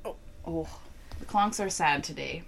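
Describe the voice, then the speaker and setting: A woman's voice: deep voice, unhurried, creaky, background noise. Playful woman chatting over beer. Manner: playful, swearing, laughs often. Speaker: co-host tasting beer. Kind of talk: casual chat.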